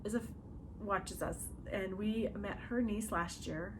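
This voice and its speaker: A woman chatting casually with friends in a hotel room, telling stories and acting out what others said. Steady background noise fills the room. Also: medium pitch, measured pace. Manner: animated storyteller, quoting others with laughs. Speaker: podcast host. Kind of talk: casual chat among friends. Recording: noisy room ambience.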